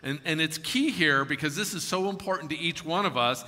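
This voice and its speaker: Male pastor, sermon, fairly high pitch, bright tone, echoey hall. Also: fairly quick. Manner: storytelling, animated, chuckling asides.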